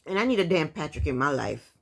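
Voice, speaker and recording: A woman recapping a reality show for her viewers, speaking in a casual and opinionated way. Her pitch moves a lot and her delivery is animated, as she often talks straight to the audience. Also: quick pace, vocal fry. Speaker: TV recap vlogger.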